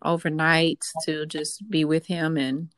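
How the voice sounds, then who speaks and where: A young woman with a low, deep voice recounts a personal story as a podcast guest. She speaks hesitantly, pausing and restarting often, filling gaps with soft fillers. The recording is dry and close, with no room sound. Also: little pitch movement, dry recording. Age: young adult.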